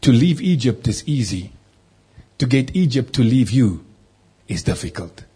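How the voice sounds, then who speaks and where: A man's voice: mid-range voice, big pitch swings, unhurried, mellow, slight background noise. A man preaching a sermon as a pastor, asking rhetorical questions and acting out the complaining voices of others.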